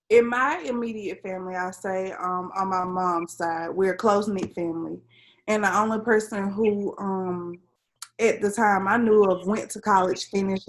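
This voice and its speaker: A young adult woman, a civil engineer, speaking as an interview guest, telling her story earnestly with frequent "um" and "like". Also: medium pitch. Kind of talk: casual conversational interview.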